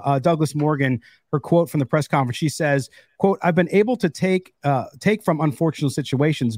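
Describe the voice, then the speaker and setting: A man's voice: on the high side, darkish tone, no room sound, clean studio sound. Enthusiastic man co-hosting sports talk. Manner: enthusiastic, reads quotes aloud. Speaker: sports podcast co-host.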